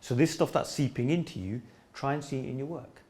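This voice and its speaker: A man at mid pitch who talks quickly. He leads a spiritual discussion in a playful, teasing way and tells stories to the group. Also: darkish tone. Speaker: spiritual teacher in a group talk. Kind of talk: informal discussion with an audience.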